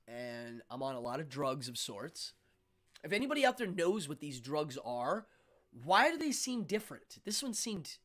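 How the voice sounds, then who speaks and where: A man, host of a talk show, casually telling a personal story and acting out the people in it. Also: fairly high pitch. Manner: animated, acts out yelling voices in his story. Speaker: podcast host.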